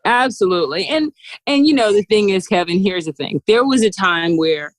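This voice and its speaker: A woman, a business CEO, telling animated stories as a podcast guest, laughing often and acting out what others said. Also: medium pitch, normal speed, no room sound, low-quality recording. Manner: lively, laughs often, acts out quotes. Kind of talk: animated storytelling interview.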